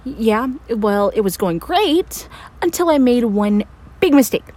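A woman's voice: fairly high pitch, animated, unhurried, warm tone. A woman playing a breathless, panicky scientist. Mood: frantic. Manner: breathless, stammering, swearing. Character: frantic young woman scientist, panicky and foul-mouthed. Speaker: voice actor. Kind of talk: audio role-play drama.

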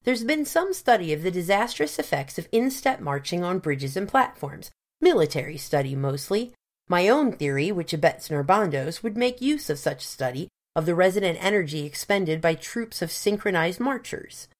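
An earnest, persistent gentleman scientist, read by a woman lays out his scheme in long, careful sentences. The voice sits fairly low and stays precise and formal throughout. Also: expressive, normal speed, lightly acted.

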